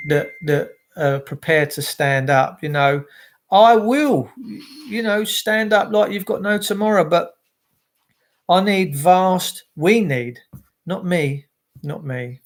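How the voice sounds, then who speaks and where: Bloke ranting on a livestream, slightly high voice, greets folks by name. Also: male voice. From England. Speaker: livestream host. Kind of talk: casual livestream chat.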